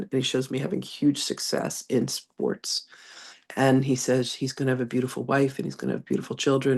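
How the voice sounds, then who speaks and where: The voice is a rumbling low with a breathy edge: a congested woman, both reverend and psychic medium, trading animated, laugh-filled anecdotes casually before she reads out a channeled spiritual lesson.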